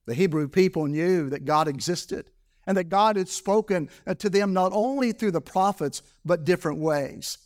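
A man preaching a sermon at a church service, repeating his key words for emphasis and reading scripture slowly. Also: sits high, darkish tone. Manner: reads scripture slowly in old English. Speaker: pastor.

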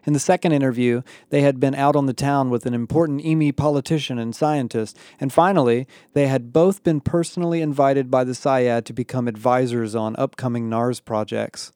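A man reading an audiobook aloud with a wry, deadpan delivery, voicing the characters as he goes. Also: medium pitch, a little fast, few pauses, no echo, studio quality. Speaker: audiobook narrator. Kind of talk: scripted narration with character voices.

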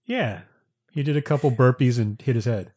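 A man's voice: medium pitch, moderate pace, a little mellow. A man co-hosting a casual chat, making playful jokes and reactions. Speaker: podcast co-host.

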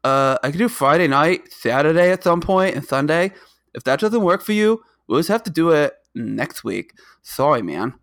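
A man's voice: on the high side, animated, normal speed, fairly bright tone, no room sound. Man doing a goofy cartoon Homestar Runner. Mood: whiny. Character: goofy cartoon guy with odd lisping inflection.

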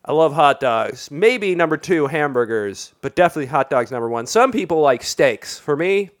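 A man's voice: fairly high pitch, expressive, normal speed. A man hosting a podcast, chatting casually and laughing often, and mocking people with small impressions. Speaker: podcast host.

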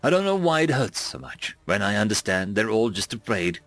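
Male narrator, fiction reading, expressive, lively pitch, dry close sound. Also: fairly quick, dry recording. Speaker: audiobook narrator. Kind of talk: first-person fiction narration.

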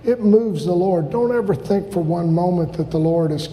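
A male preacher delivering a fervent sermon, often breaking into shouts. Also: high-pitched, moderate pace. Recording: long reverb of a large hall.

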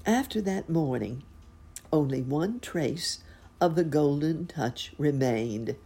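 A woman reading a storybook aloud with expressive narration. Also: low voice, takes it slowly, slightly rough.

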